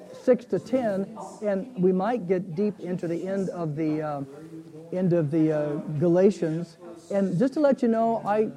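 Man, pastor teaching bible class, high voice, mellow, halting conversational delivery. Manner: conversational, halting, many restarts and fillers. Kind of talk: casual Bible study teaching.

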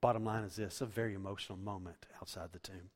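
A man preaching a sermon as pastor, swinging from loud, emphatic lines to hushed, quiet ones. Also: sits low, steady tone, fast. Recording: long hall reverb.

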